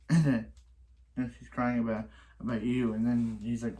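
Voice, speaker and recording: A man's voice: mid-range voice, fairly even intonation, moderate pace. A man with an ordinary mid-range voice walks through an episode's plot in a loose, offhand recap. He stumbles, restarts and repeats phrases as he goes, and grows exasperated when he reaches the parts he dislikes. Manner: exasperated complaining. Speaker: reaction video host.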